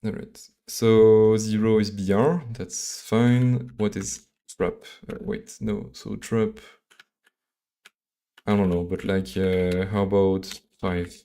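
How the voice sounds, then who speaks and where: A man from Belgium with a French accent, live-coding on a stream and thinking aloud in a halting, mumbling way full of fillers and restarts. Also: lowish voice, steady tone, warm tone, clean tone.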